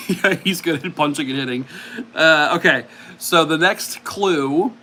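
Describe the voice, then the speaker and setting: Male streamer, casual and self-mocking, slightly high voice, reads the chat. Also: a little slow, pushed and bright. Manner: chatty, self-mocking, reacts to viewer comments. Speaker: livestream host.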